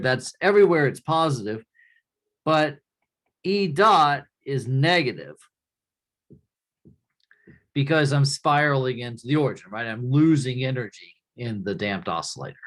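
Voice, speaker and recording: A male lecturer speaks at a middle pitch, teaching a class in an easygoing, conversational manner. He often pauses to ask "right?" as he checks in with the students. He is recorded in a classroom. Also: fairly bright tone.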